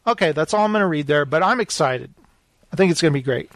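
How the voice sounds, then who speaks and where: A lively, high-voiced man co-hosting a podcast tells stories in casual chat, talking fast. He's an animated storyteller who acts out the voices he quotes, and there's no room sound.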